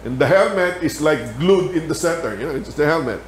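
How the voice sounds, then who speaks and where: A man's voice: on the high side, a little fast, a little hiss or hum. Filipino-accented man teaching in an echoey church. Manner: animated storytelling with laughter. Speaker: Sabbath school teacher. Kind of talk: church Bible lesson. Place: church hall.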